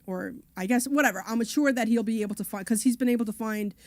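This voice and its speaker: A woman's voice: fairly high pitch, quick pace, a little mellow, no echo. A woman co-hosting a radio talk show, telling long, chatty stories about her property deals. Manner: chatty, long-winded storytelling. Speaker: co-host.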